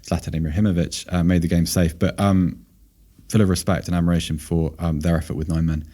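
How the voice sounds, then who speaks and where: A man's voice: sits low, flat delivery, brisk, dark tone. A man co-hosting a football podcast, chatting casually and thinking aloud with fillers, his voice a little tired. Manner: thoughtful, hedging with fillers. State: voice slightly tired. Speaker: podcast co-host, football analyst.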